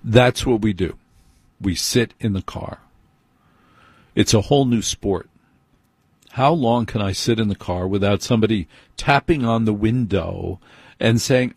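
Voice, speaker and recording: A middle-aged man from New Jersey delivers a wry, grumbling late-night radio monologue. His voice is husky, and the studio sound is dry and close. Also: fairly low pitch, normal speed, a little mellow, no room sound. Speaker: radio host.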